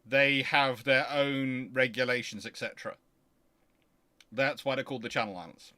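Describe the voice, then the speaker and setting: A man hosting a history livestream, chatting casually in an excitable, rambling way with frequent restarts. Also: medium pitch, moderate pace, dry recording.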